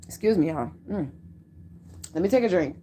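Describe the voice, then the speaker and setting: A woman's voice: lowish voice, lively intonation, moderate pace, mellow, a little hiss or hum. Blunt, profane woman reading tarot. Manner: blunt, profane, emphatic, punctuates points with "okay?" and "period". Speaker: tarot reader. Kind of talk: casual tarot reading to camera. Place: at home near a window.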